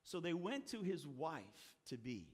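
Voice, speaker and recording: High-voiced male pastor, animated storyteller. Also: a little slow. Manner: animated storytelling, acting out the characters' lines. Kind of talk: sermon. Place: church sanctuary. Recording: long hall reverb.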